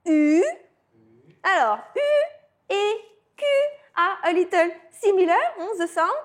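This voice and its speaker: A woman's voice: very high-pitched, unhurried. A woman, a teacher patiently coaching pronunciation and often checking in with "hmm?". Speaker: French teacher. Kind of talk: pronunciation lesson.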